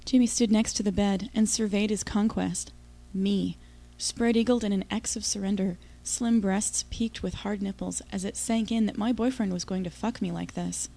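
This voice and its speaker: A woman's voice: medium pitch, fairly even intonation, normal speed, creaky, few pauses, dark tone. A woman giving an intimate, confiding first-person audiobook narration.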